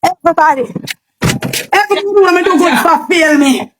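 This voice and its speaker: A Jamaican woman with a very high, piercing voice delivers a heated, confrontational livestream rant. She is loud and profane, and she calls out and threatens her rivals. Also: a little fast, dry recording. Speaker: livestream host.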